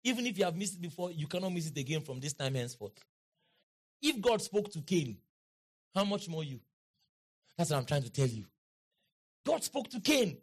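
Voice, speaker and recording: A man preaching a sermon in an auditorium, leading the crowd in call-and-response and building to shouts and chants. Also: high voice, sing-song, normal speed, pauses often, slightly rough. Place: large auditorium.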